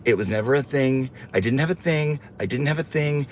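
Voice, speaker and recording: A man's voice: mid-range voice, a little fast, darkish tone, a little hiss or hum. Sassy man hosting a livestream. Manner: sassy, campy, teasing. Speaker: livestream host reading viewer comments. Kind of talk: casual livestream chat.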